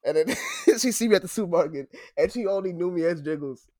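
Animated young man with a lively voice. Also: high voice, fast, dry recording, studio quality. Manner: animated storytelling with loud shouted impressions and frequent laughter. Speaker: podcast co-host. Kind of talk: casual chat.

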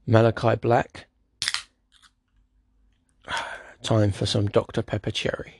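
Slow, flat-voiced man recapping wrestling. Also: fairly low pitch, vocal fry, husky, dry recording. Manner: dry, sarcastic asides. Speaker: wrestling show reviewer. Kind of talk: casual spoken episode recap.

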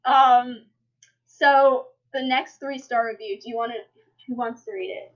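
Young woman, high voice, rambling casual podcast host with a dull lo-fi sound. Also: steady tone, a little slow. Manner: rambling storyteller, many fillers and restarts. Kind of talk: casual chat.

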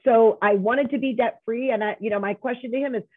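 A woman's voice: a little high, steady tone, fast, no room sound. A middle-aged woman, a nonprofit founder, telling her story emphatically as a guest in an interview. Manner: emphatic, storytelling, frequent restarts. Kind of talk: interview conversation. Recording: tinny dry phone line.

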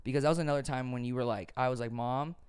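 A man's voice: medium pitch, rapid-fire, clear, resonant tone. A young man hosting a podcast, telling stories in a casual, profane, rambling way. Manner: profane, rambling, animated storytelling. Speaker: podcast host. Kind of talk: casual storytelling chat.

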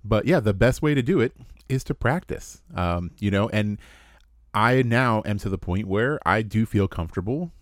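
A man's voice: on the low side, animated, normal speed, dry recording, studio quality. A man co-hosting a podcast, talking through his experiences in an earnest, reflective way. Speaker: podcast co-host and player. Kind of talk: casual chat.

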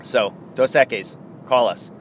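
A man's voice: mid-range voice, measured pace, a little hiss or hum. A man hosting a casual sports podcast, rambling and correcting himself as he chats. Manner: rambling, self-correcting, chatty. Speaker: podcast host.

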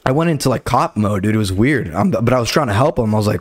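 A man's voice: fairly low pitch, fast talker, hardly any pauses, no room sound, studio quality. A young man hosting a podcast, telling a story in a casual way, full of slang and swearing. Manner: laid-back, heavy slang and swearing, retells his own lines. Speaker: podcast host.

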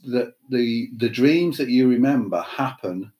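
A middle-aged woman co-hosting a casual chat podcast, playful and quick to laugh. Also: extremely low pitch, low-quality recording. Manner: giggly, playful, lively. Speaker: podcast co-host.

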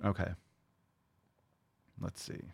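A man's voice: slow, no room sound, clean studio sound. A man hosting a fitness podcast, coaching listeners in a blunt, joking, profane casual chat.

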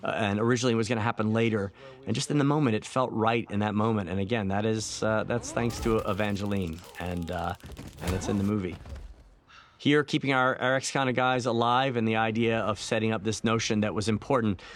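A man, a film director, talking through his movie in a relaxed, reflective audio commentary, with many fillers and restarts. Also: lowish voice, a little fast, a little hiss or hum. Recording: faint film soundtrack music underneath.

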